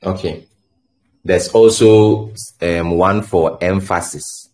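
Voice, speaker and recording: A man's voice: deep voice, fairly even intonation, slow pace, darkish tone. A man giving a coding tutorial, explaining step by step and thinking aloud, often stumbling and repeating words as he types. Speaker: coding instructor. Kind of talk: screen-share tutorial explanation.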